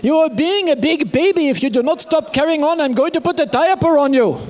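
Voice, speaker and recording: A man voicing a stiff, formal male doctor who speaks without contractions and gives flat, insistent orders. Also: extremely high pitch, brisk, noisy background, voice pushed up. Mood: coldly insistent.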